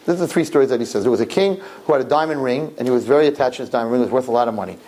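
A man telling religious stories in an animated sermon, often repeating his phrases. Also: mid-range voice, racing. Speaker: religious storyteller. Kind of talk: sermon storytelling.

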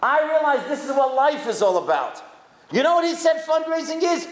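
A man preaches with a high, very lively voice that leaps between excited calls and low, solemn lines. The room around him rings with echo. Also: fairly quick, a little hiss or hum. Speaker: rabbi giving a talk. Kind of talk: animated sermon storytelling.

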